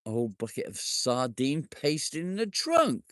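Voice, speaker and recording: A man's voice: medium pitch, huge pitch swings, takes it slowly, no echo, studio quality. A man hosting a casual live stream outdoors in his garden, bantering with viewers, joking, and swearing now and then. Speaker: livestream host.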